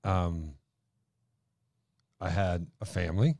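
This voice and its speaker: A man's voice: deep voice, steady tone, slow pace, vocal fry, darkish tone, no echo. A man in his forties who co-hosts a podcast and tells personal stories in an easygoing way, laughing often. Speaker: podcast co-host and minister. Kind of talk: casual conversation.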